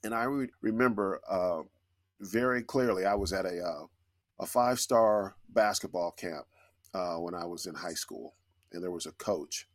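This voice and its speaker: Middle-aged male guest, low voice, dry close sound, earnest reflective storyteller. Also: normal speed, no echo. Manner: earnest, reflective, with frequent restarts. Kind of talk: conversational storytelling.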